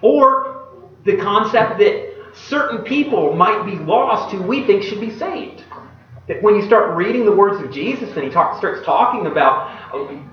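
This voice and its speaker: A man preaching a sermon, retelling a Bible story in an animated way and putting questions to his listeners. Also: high voice, measured pace, slight background noise. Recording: echoey, distant, dull room recording.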